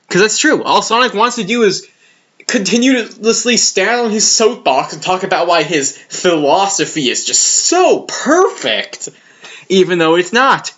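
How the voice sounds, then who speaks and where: A young man giving casual, exasperated commentary on a comic series, sarcastic and quick to laugh. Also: sits high, sing-song, fairly bright tone. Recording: dull lo-fi recording.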